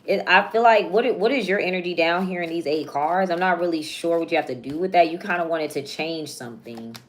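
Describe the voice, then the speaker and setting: Woman, young adult, low-pitched, casual tarot reading, chatty, laughs a lot. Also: a little fast. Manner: chatty, slangy, laughs often. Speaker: tarot reader.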